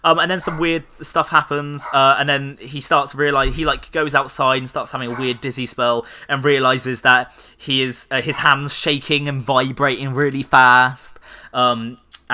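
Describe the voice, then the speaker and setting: A man's voice: mid-range voice, level tone, moderate pace, pushed and bright, a little hiss or hum. A man hosting a casual podcast, recapping a show in a rambling, joking way with lots of ums and uhs. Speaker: podcast host. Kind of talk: casual chat.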